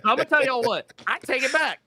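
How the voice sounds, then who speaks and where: A man's voice: very high-pitched, lively intonation, fast talker, sharp tone. A man from Tennessee, co-hosting a casual movie discussion, swearing freely and acting out quotes. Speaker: podcast co-host.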